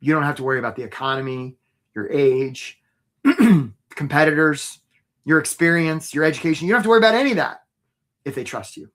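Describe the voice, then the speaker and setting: A man's voice: a little high, expressive, fairly quick, fairly bright tone. A man hosting a live career webinar as a coach. He talks casually and upbeat, often asks "right?", and speaks straight to his viewers.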